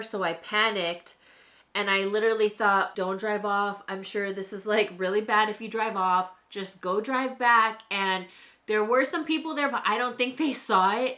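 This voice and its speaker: Bright-voiced young woman chatting away while doing her makeup, lots of "like"s. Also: medium pitch. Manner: chatty and animated, with lots of "like" fillers. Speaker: beauty vlogger.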